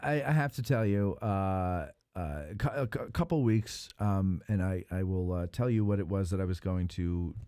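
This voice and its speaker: A man's voice: low-pitched, moderate pace, hardly any pauses, mellow, smooth, no echo, studio quality. A man hosting a casual joking chat, teasing his guests and laughing often. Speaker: host.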